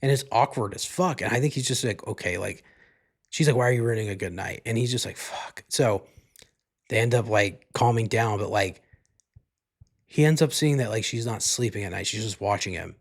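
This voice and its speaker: A man hosting a podcast races through a casual movie recap, his voice sitting a little low. He rambles, leans on constant fillers and swears offhandedly as he goes. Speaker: podcast host.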